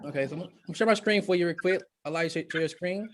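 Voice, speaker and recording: A man's voice: sits high, rapid-fire, a little hiss or hum. A man hosting a live online investor event, talking casually over a video call and often restarting his sentences. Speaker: event host.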